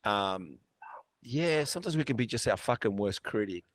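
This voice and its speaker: A man hosting a podcast in casual chat, blunt, swearing and animated as he tells stories. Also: on the low side, moderate pace, no room sound. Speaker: podcast host.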